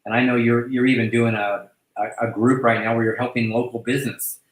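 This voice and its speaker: A man hosting a casual online chat who talks effusively, halting often to restart his sentences. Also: medium pitch, little pitch movement, reverberant, poor audio. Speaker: host welcoming a new agent.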